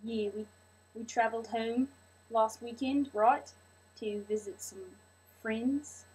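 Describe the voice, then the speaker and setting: A soft-spoken, deadpan young musician mumbles his answers in a put-on New Zealand accent, voiced by a woman in a comedy sketch. He speaks low and quiet, trailing off between words. The tone is slightly husky. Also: slow, full character voice, rough recording.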